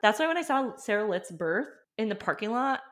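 A woman, hosting a podcast and telling a personal story in an animated, chatty way. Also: medium pitch, fairly quick. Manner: animated, chatty, lots of fillers. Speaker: podcast host.

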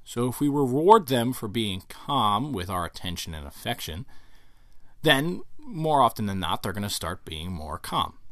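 Male podcast host, conversational instructor, animated pitch, dry close mic. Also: no room sound. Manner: conversational, acts out examples, lively. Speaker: podcast host giving dog training advice. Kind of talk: casual instructional monologue.

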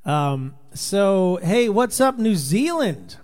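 A man from Rhode Island with a somewhat high voice hosts a relaxed livestream and chats to viewers one by one. His voice sounds tired and worn from long touring. He rambles loosely and reads comments as they come in. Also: slow pace. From Rhode Island, USA. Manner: chatty, greets viewers by name, loose and rambling. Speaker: livestream host and touring Christian musician. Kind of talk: casual live chat reading viewer comments.

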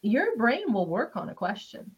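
A woman's voice: a little high, wildly swooping pitch, normal speed, husky. A woman talking in a casual coaching chat, emphatic, acting out quoted thoughts in a raised voice. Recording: slightly dull lo-fi sound.

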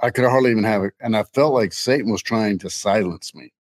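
A man's voice: fairly low pitch, fairly quick, low-quality recording. A middle-aged man co-hosting a casual faith podcast, rambling and joking, laughing often. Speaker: co-host.

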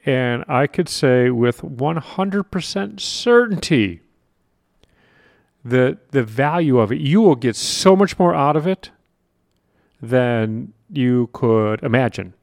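A man coaches his listeners in a solo podcast, speaking earnestly and with emphasis, breaking in now and then with a wry aside. His voice sits in an ordinary middle pitch. The recording is dry and close, with no room sound. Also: lively intonation, takes it slowly, creaky, a little mellow, no room sound. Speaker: podcast host and confidence coach.

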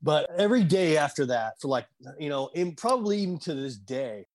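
Earnest man, somewhat high voice, halting, emotional storytelling. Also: sing-song. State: choked up at times. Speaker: guest. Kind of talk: personal storytelling in conversation.

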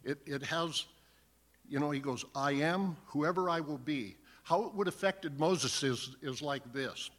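A man's voice: fairly high pitch, measured pace, fairly bright tone. A man preaching a sermon, reading scripture aloud and then earnestly explaining it. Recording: long hall reverb.

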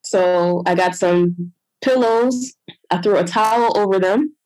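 A woman casually telling a long personal story as an interview guest, animated, full of "I'm like" and "you know", acting out her own past words in a higher voice. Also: measured pace, no echo, low-quality recording.

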